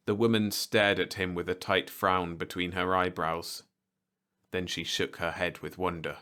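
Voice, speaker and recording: A man reading a science fiction bedtime story aloud in an expressive, animated way. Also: sits low, unhurried. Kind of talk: scripted narration of a bedtime story.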